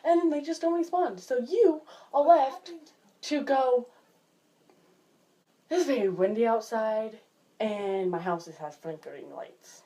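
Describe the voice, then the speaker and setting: A teenage girl vlogging from home, chatting and complaining in an exasperated way while acting out everyday scenes in lively voices. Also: on the high side, takes it slowly, pauses often. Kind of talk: casual vlog rant. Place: her home, indoors.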